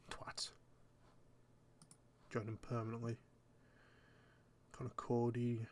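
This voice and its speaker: A young man talks his way through a game session in a loose, chatty manner, tossing out jokes and half-muttered remarks to himself. His voice sits at an ordinary middle pitch for a man. A faint hiss runs underneath. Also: a little mellow. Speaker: gaming YouTuber. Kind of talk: casual gameplay commentary.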